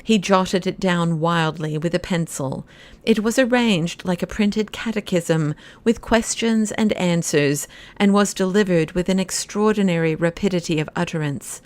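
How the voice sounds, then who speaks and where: Low-voiced woman narrating a classic novel. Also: normal speed, a little mellow. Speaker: audiobook narrator.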